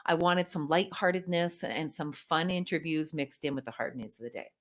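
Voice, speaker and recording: Middle-aged Canadian woman, keynote speaker; slightly low voice, polished broadcaster polish with lively storytelling emphasis. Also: normal speed. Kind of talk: motivational keynote speech.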